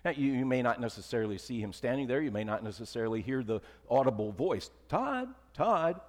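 Man preaching in a reverberant church. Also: quick pace. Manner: conversational preaching, dropping to soft emphatic lows. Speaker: pastor. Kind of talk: sermon.

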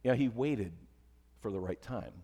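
A male pastor delivers a conversational sermon at a middle pitch, often easing into soft, emphatic lows. His voice carries a long reverb that trails through the church. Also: unhurried.

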